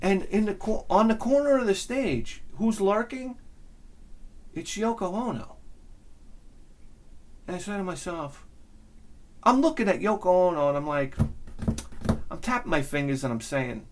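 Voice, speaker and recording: A man hosting his own channel, telling a rambling, excitable story in a casual monologue and swearing freely. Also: sits high, measured pace, long pauses. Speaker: channel host.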